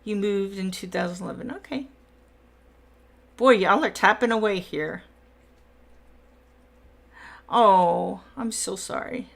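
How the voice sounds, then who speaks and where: A woman's voice: mid-range voice, slow, creaky, pauses often. A middle-aged woman, hosting a casual coloring livestream and chatting with viewers as she works. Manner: chatty, reads and answers viewer comments while coloring. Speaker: livestream host.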